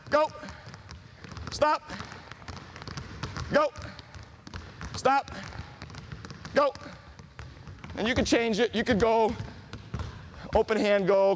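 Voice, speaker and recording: Coach guy with a high voice barking quick drill calls in a gym, bit of background hiss. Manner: calls out short brisk commands to players. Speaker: basketball coach.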